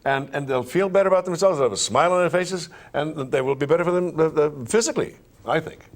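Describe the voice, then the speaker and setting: A man's voice: fairly high pitch, quick pace. A man being interviewed, telling stories animatedly and walking the listener through breathing and voice exercises. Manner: animated storyteller who demonstrates vocal exercises aloud. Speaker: interview guest, stage performer. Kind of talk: conversational interview.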